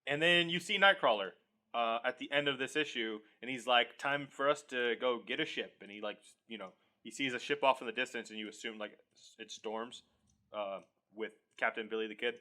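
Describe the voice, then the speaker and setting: A man's voice: medium pitch, fairly quick, bright, forceful tone. A man co-hosting a podcast, chatting casually, laughing often and swearing freely while retelling a story. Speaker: podcast co-host. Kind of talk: casual chat.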